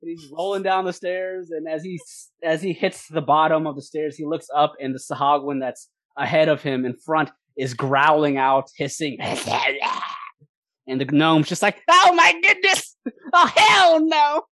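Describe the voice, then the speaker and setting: A game master narrating a tabletop role-playing game in a lively, laughing way with quick asides. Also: medium pitch, no room sound.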